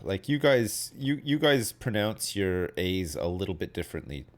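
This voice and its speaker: A Canadian man with a fairly low voice chats casually on a stream. He rambles, keeps adding "like", and checks in with "right?". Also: normal speed, hardly any pauses. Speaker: streamer chatting with a guest. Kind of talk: casual chat.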